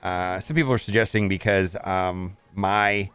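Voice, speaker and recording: A man's voice: sits low, fairly even intonation, measured pace, fairly bright tone, clear, resonant tone, soft background music. A man casually commenting on a mobile game as he plays, thinking aloud and often saying "all right".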